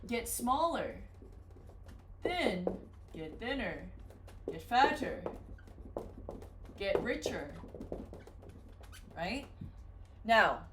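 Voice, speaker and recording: A woman teaching English, explaining patiently with simple examples in a slow, careful lesson. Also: medium pitch, fairly bright tone, slight background noise.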